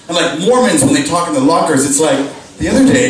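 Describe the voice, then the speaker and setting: A man's voice: a little high, very animated, fast talker, music in the background. A young man doing a stand-up comedy set at a live pub show, rambling with lots of fillers and crude jokes. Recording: very echoey pub room, distant mic. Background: audience laughing.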